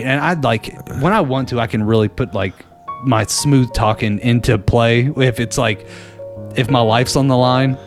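A lively man calls in and spins a yarn in loose, everyday talk. He laughs often and slips into quick put-on voices for the people in his story. His pitch sits in a plain middle range, with faint music under him. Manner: animated, laughs often, acts out others' lines. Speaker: caller. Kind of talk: casual storytelling. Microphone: phone call-in.

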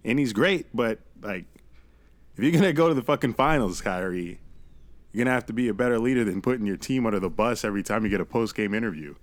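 A man co-hosting a podcast, chatting casually about basketball, animated and swearing freely. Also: lowish voice, quick pace, no echo. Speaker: podcast co-host. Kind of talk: casual sports chat.

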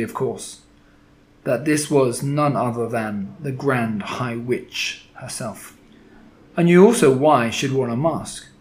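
A man narrating a children's story, with a dramatic, expressive delivery. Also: mid-range voice. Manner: dramatic, expressive reading with shifting loudness.

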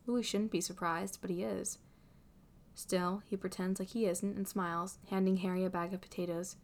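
Woman narrating a story calmly. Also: medium pitch, normal speed. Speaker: reader. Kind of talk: fan fiction audiobook narration.

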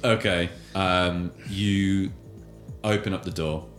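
A man's voice: sits low, steady tone, slow pace, over music. A man narrating a tabletop game as game master, laid-back and rambling. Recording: roomy echo.

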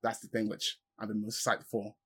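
A man co-hosting a film podcast, talking as an eager, animated fan who is excited about upcoming films. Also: fairly low pitch, fairly quick, slightly rough. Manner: enthusiastic, animated fan gushing. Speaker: podcast co-host. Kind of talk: casual film podcast chat.

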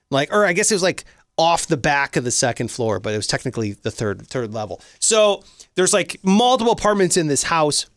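A young American man telling a story in casual chat, acting out quoted shouts with a lot of energy. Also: a little high, clean tone, no room sound, clean studio sound. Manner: animated, shouts out quoted lines in a loud put-on voice.

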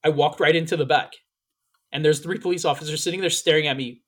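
A man with a slightly high voice tells a long story on a podcast, swearing often and bringing the story to life. He talks in a loose, casual way and slips into the voices of the people he quotes. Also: fast talker. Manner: animated, profane, acts out quoted lines. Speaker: podcast host.

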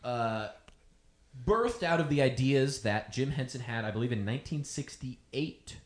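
A man's voice: mid-range voice, expressive, unhurried, roomy sound. A man hosting a podcast, running a quiz in casual chat with a playful, teasing manner.

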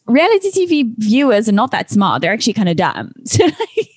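A woman's voice: fairly high pitch, sing-song, fast, slightly rough, no room sound. A woman from England, hosting a podcast in casual chat, blunt and opinionated, swearing and filling with "like". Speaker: podcast host.

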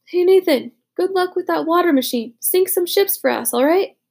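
A woman doing a teenage boy soldier, gruff, blunt, high-pitched, gravelly edge. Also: animated, fairly quick, darkish tone. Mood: warm. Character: teenage boy soldier, rough former bully.

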